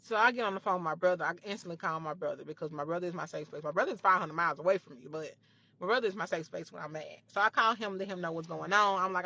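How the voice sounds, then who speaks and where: A woman's voice: lowish voice, very fast, bright, forceful tone, highs cut off. A young woman telling a story from her own life, emphatic and profane, often repeating her phrases. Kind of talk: storytime retelling.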